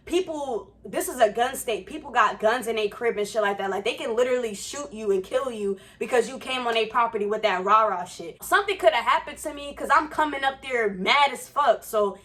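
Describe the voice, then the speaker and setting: High, bright fired-up young woman. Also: a little fast, hardly any pauses. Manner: animated, profane, fired-up slang. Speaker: vlogger. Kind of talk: casual storytime. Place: Florida.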